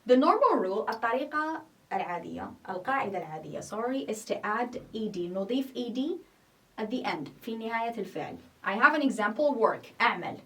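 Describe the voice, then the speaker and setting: A woman's voice: on the high side, big pitch swings, rapid-fire, distant mic. A woman teaching an English grammar lesson, explaining patiently, repeating each point and checking in with "okay?". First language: not Arabic.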